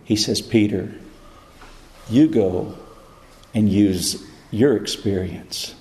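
A man preaching a sermon, building to fervent, high-pitched climaxes. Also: takes it slowly, mellow. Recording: echoey hall.

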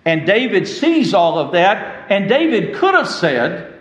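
A man's voice: sits high, big pitch swings, a little slow, fairly bright tone. A man preaching a sermon, reading scripture and retelling it with dramatic emphasis. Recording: echoey room.

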